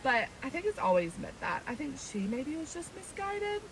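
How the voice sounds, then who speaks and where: A woman telling a casual personal anecdote in a chatty, animated way. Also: sits high, normal speed, creaky, slight background noise, rough recording. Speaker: storyteller in a played clip.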